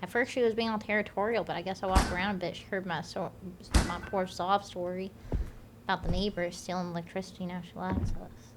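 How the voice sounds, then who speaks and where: A woman's voice: lowish voice, steady tone, fairly quick. A woman streaming a game, chatting and joking with exclaimed lines and muttered asides. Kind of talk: casual game stream chat. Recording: noisy stream audio.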